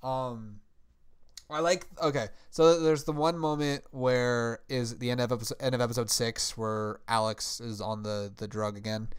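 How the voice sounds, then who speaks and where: A man's voice: mid-range voice, fairly even intonation, moderate pace, hardly any pauses, clean tone. A man co-hosting a casual podcast about anime, talking with enthusiasm, swearing freely and acting out lines he quotes. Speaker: podcast co-host.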